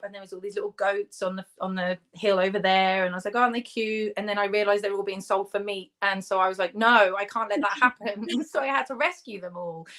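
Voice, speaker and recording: A woman's voice: medium pitch, a bit bright. A woman from the UK, a guest in a casual interview, telling stories chattily and laughing as she goes. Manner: chatty, laughs mid-story.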